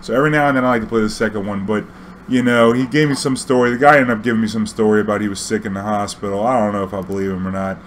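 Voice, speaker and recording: A young man telling a story casually, profane and animated, acting out dialogue. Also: on the low side, racing, slight background noise.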